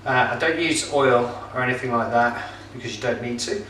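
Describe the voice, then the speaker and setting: Bright-voiced chatty man in an echoey kitchen. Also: medium pitch, a little fast, a little hiss or hum. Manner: chatty, jokey, with filler words. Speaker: pizza kit seller and presenter. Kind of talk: casual cooking demonstration. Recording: roomy echo, mic some distance off.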